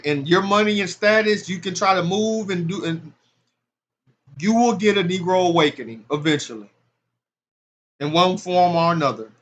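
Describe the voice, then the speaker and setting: High-voiced man preaching with fervor. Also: a bit bright. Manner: street-talk, rising to emphatic preaching. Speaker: religious commentator. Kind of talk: impassioned casual commentary on scripture.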